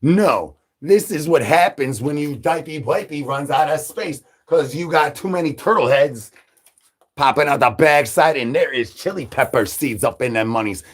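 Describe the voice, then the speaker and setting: Husky-voiced man rambling on a stream. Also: a little high, expressive, moderate pace. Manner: repetitive, joking, addresses chat directly. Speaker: livestreamer. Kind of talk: rambling crude stream banter.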